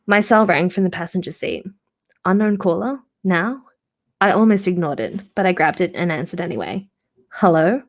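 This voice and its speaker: A woman's voice: on the low side, lively intonation, moderate pace. A woman reading a novel aloud casually on a live stream, correcting her slips and adding short asides. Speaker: reader of novels.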